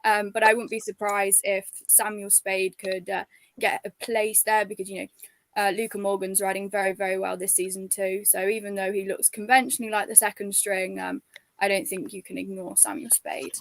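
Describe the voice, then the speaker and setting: A woman on a racing panel, talking through her tip in a measured way with many ums. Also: mid-range voice, level tone, creaky, a little hiss or hum. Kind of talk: casual tipping chat.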